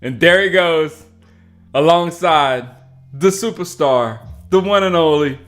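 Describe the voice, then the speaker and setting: A man hosting a casual sports livestream, excitable and laughing often as he comments on clips. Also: on the high side, unhurried, soft background music.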